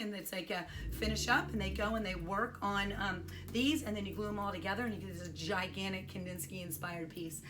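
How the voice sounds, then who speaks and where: A woman's voice: mid-range voice, a bit bright, a little hiss or hum. An older woman, an art teacher, giving a chatty, enthusiastic video lesson alone in a room. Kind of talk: casual home video lesson.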